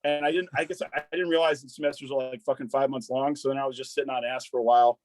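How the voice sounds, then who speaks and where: A man in his thirties, an army veteran, telling stories in a loose, casual way, peppered with "dude" and "like" and quick restarts. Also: medium pitch, steady tone, dry recording, rough recording. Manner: loose and profane, full of "dude" and "like", restarts a lot. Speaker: podcast guest, army veteran. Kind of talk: casual conversational storytelling.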